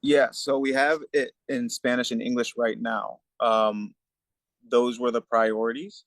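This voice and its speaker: A man's voice: mid-range voice, level tone, a little slow, fairly bright tone, no echo. Easygoing man answering on a dry call. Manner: easygoing, polite, says "yes, ma'am". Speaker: presenter answering questions. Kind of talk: casual Q&A on a video call. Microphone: video call.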